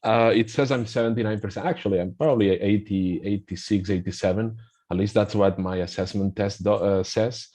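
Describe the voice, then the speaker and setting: A man with a Spanish accent, a native Spanish speaker, explaining a pronunciation app in a webinar in a halting way with frequent restarts. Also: lowish voice, warm tone. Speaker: guest presenting a pronunciation app.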